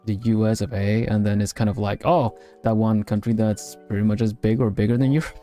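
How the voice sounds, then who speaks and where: A man's voice: on the low side, flat delivery, brisk, warm tone, soft background music. A man from Sweden, hosting a casual stream and chatting while drawing, with many fillers and restarts. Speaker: streamer host.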